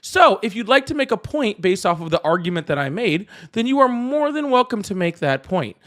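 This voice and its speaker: A man's voice: sits high, big pitch swings, a little fast, fairly bright tone. A man debating live, insistent and sarcastic, pressing his point over interruptions.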